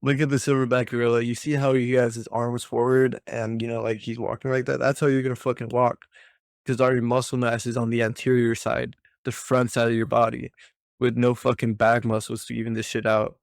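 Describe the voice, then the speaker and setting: A man's voice: mid-range voice, little pitch movement, fairly quick, vocal fry, dry recording, clean studio sound. A young man ranting casually about a workout split, profane and exasperated, full of slang. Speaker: fitness vlogger.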